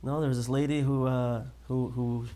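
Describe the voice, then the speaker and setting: A man of middle pitch leads a relaxed Torah class and talks like a storyteller. He restarts his sentences, tags them with "right?" and speaks at an everyday pace. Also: normal speed. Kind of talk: casual spoken Torah class.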